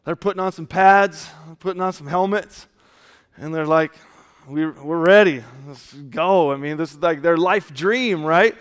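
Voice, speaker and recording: A man preaching a casual, story-filled sermon, often dropping to a soft hushed tone. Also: fairly high pitch, normal speed, clear, resonant tone. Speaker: pastor. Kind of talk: conversational sermon with stories. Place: church. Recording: long church hall reverb.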